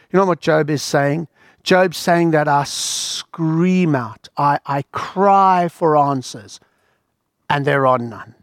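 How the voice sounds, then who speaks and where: A man preaching a sermon in an earnest, emphatic way, with dramatic pauses. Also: fairly high pitch, no room sound, clean studio sound.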